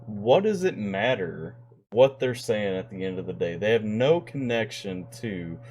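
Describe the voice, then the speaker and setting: A man's voice: lowish voice, expressive, a little slow, darkish tone, slight background noise. A man hosting a reaction video, giving earnest, opinionated commentary that rambles with restarts. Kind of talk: casual commentary.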